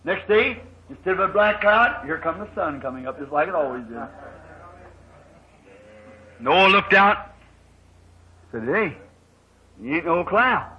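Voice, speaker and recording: A man preaching a sermon in a folksy storytelling manner, acting out the voices in his story with sudden shouted bursts, on a muffled old recording. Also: high-pitched, animated, unhurried, long pauses.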